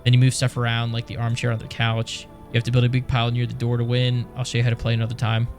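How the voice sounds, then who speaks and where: A man voicing an eerie child in a horror game who talks calmly about odd rules. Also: medium pitch, fast talker, faint music behind, lightly acted. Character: eerie child who sees night as normal.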